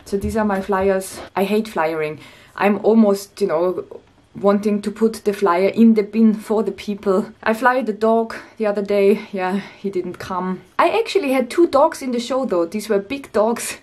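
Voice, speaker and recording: A woman's voice: medium pitch, normal speed, darkish tone. A woman from Austria with an Austrian German accent, a stand-up comedian chatting casually and doing comedy with dry, self-mocking humor.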